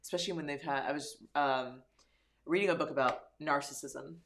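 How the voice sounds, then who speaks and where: Woman guest, lowish voice, rambly and laughing easily, casual chat. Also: moderate pace, fairly bright tone. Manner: rambling, many fillers and laughs. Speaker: podcast guest.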